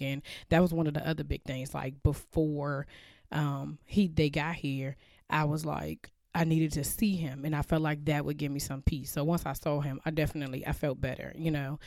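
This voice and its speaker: Soft-spoken woman with a gravelly voice. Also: deep voice, no room sound, studio quality. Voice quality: slightly crackly, gravelly voice. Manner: open, earnest, filler-heavy, talks quietly to avoid waking others. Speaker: podcast host. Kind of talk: casual chat to listeners. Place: child's bedroom at home.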